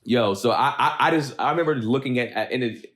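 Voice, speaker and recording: A man's voice: mid-range voice, fast talker, a bit bright. A young man hosting a casual podcast chat, telling rambling, self-deprecating stories. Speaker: podcast host.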